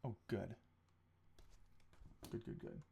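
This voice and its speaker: A man's voice: deep voice, huge pitch swings, slow, vocal fry, dark tone, slight background noise. A man talking casually on a live stream while he edits photos, thinking aloud with frequent restarts and small asides. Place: home photo studio.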